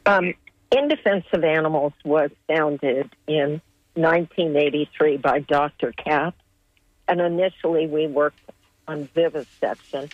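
Woman activist on a radio show, measured, ums, dull dry lo-fi line. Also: low voice, dry recording. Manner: measured, with pauses and fillers. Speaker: animal welfare activist. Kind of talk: radio interview guest.

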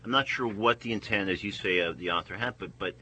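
A man hosting a casual talk, speaking haltingly with frequent restarts. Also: fairly low pitch, bright, forceful tone, a little hiss or hum, poor audio. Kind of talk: casual discussion.

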